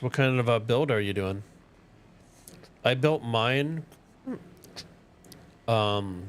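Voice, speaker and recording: Speaking at medium pitch over slight background noise, a man with a Minnesotan accent from northern Minnesota live-streams a game. He keeps up a relaxed, chatty conversation with viewers while playing in his tiny home.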